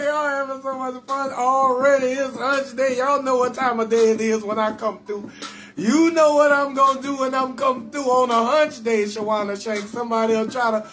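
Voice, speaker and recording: A man riffs loudly and playfully, greeting viewers in a rambling, sing-song patter. He hosts a casual live stream from his bed at home, with faint music playing behind him. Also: extremely high pitch. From New Orleans. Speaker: comedian hosting a live call-in show.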